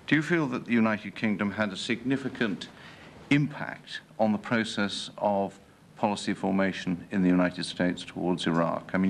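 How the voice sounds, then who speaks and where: A man with a fairly low voice questions a witness for an inquiry panel. He speaks carefully and formally, laying out the background before putting each question. Faint noise sits under the recording. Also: gravelly. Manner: careful, restates points before asking.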